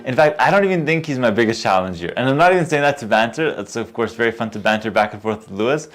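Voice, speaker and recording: A man talking through a post-match interview at a gaming event. His voice sits at an ordinary middle pitch, and he sounds relaxed and confident, with many fillers and restarts. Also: fast. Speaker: tournament player interviewed.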